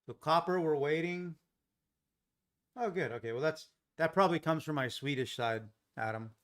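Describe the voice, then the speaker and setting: A middle-aged American man from Los Angeles runs a live trading stream in a casual, rambling way. He thinks out loud and answers viewers in the chat, recorded on a desk mic in a home office. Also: a little high, normal speed. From Los Angeles, USA. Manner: chatty, thinks aloud, talks to chat viewers.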